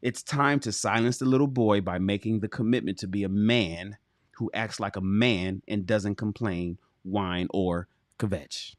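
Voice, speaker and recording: A man's voice: fairly low pitch, measured pace, no room sound, studio quality. A man hosting a livestream, reading aloud from a relationship book and breaking off into blunt, profane commentary aimed straight at his viewers. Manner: animated, profane, emphatic, addresses chat directly.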